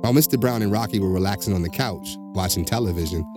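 Deep-voiced man reading a bedtime story. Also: quick pace. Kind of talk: scripted story narration with character voices. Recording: music bed behind the voice.

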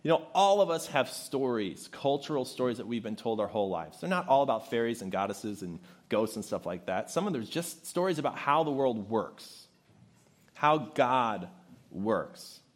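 A man preaching a sermon, shifting into animated, conversational storytelling with casual asides. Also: medium pitch, moderate pace. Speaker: pastor.

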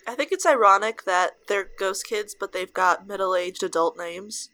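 A woman co-hosting a podcast, talking excitedly in casual chat. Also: mid-range voice. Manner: excitable, chatty, quick reactions. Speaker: podcast co-host.

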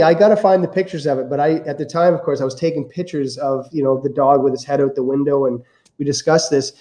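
A man as a podcast guest, telling stories in a lively, amused way. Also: fairly high pitch. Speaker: guest real estate investor. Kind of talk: casual storytelling.

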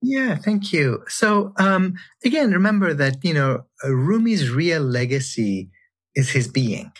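A man talking thoughtfully in an online interview, sometimes reading poetry lines in a hushed voice. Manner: slow, lively pitch, reads poem lines with hushed voicing. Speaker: guest scholar.

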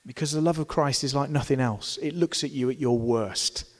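A man with a mid-range voice preaches forcefully at a moderate pace, alternating booming, stressed phrases with quiet, hushed passages. Every word is followed by the long echo of a church hall.

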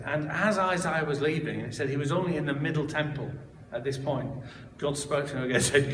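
A man's voice: medium pitch, brisk, noisy background. A man giving a personal testimony, told in a conversational way with frequent restarts and asides. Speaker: church member giving testimony. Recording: roomy hall, speaker far from mic.

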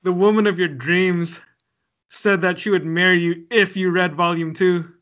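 A man co-hosts a casual podcast, rambling between jokes with a bright, somewhat tense tone. His voice sits a little high, and the recording sounds dull and lo-fi. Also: steady tone, normal speed. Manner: rambling, jokey, laughs often. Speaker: podcast co-host. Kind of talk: casual chat.

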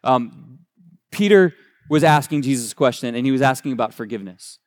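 A man's voice: medium pitch, animated, brisk. A male pastor giving a sermon in a conversational way, often restarting phrases and correcting himself, and retelling scripture in casual everyday wording. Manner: conversational preaching with frequent restarts and self-corrections.

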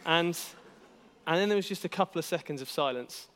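A man's voice: fairly high pitch, brisk, noisy background. A young man, telling a self-deprecating story in a casual church talk, with many fillers and restarts. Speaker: youth worker giving a church talk. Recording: hall reverb.

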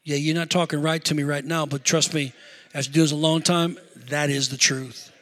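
A man's voice: on the high side, flat delivery, a little fast, fairly bright tone, in a large hall. A middle-aged man preaching a sermon as pastor, emphatic, with call-and-response asides to the congregation.

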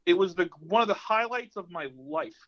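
A young man telling a story on a podcast with loose energy and plenty of swearing, acting out every line of dialogue. His voice sits at an ordinary pitch. The recording is a little dull and lo-fi. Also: normal speed. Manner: animated storyteller, swears freely, acts out quotes. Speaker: podcast co-host. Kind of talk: casual chat. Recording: slightly dull lo-fi sound.

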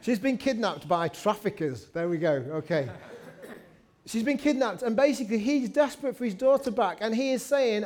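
Casting: a male preacher with a high, light voice, chatty and storytelling, jokes at his own expense. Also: expressive, normal speed, darkish tone. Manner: chatty storytelling with self-deprecating asides. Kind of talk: sermon.

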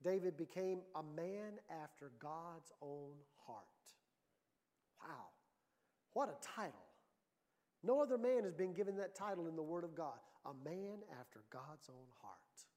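A middle-aged male pastor delivers a sermon in a high-pitched voice. He tells stories with an animated lilt and swells into loud, emphatic lines. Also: unhurried. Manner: animated storytelling preacher, rising to loud emphasis.

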